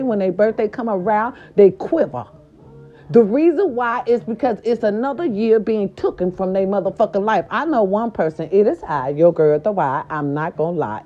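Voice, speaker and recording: A woman's voice: mid-range voice, darkish tone. A woman vlogger in a casual, profane rant, talking straight to her viewers and repeating herself for emphasis. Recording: dull lo-fi recording with faint music. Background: faint background music.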